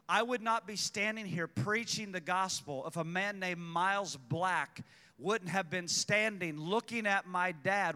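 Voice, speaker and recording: A pastor delivers a fervent sermon to his church, repeating lines for emphasis and calling people out by name. His high voice sounds pushed and bright with a clean tone, and the church sanctuary gives the recording a long hall reverb.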